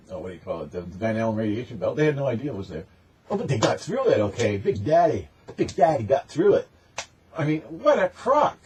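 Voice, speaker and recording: A man's voice: mid-range voice, darkish tone. Rambling, emphatic man with faint hiss. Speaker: spiritual channel host. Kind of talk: unscripted monologue.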